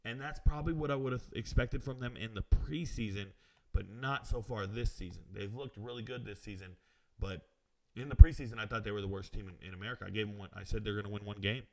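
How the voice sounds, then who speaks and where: A man's voice: lowish voice, fast, vocal fry. Brash, self-assured male stream host. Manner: casual slang, chatty asides. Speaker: sports betting show host. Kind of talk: live stream reading viewer comments.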